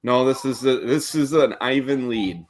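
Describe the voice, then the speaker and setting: A man's voice: medium pitch, moderate pace, a little hiss or hum. A man chatting casually on a video call about work, rambling loosely and restarting his sentences. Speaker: coworker guest.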